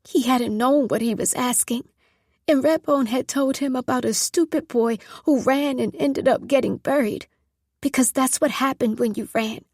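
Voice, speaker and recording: A woman reading a novel aloud in steady, measured narration. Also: high-pitched, dry recording, clean studio sound. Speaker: audiobook narrator. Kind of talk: scripted narration.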